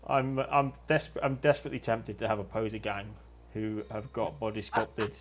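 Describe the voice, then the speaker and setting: A man guest in a casual chat on a video call, talking in a halting, self-deprecating way and restarting his sentences. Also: on the low side, little pitch movement, dull audio. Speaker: guest, game designer and game master.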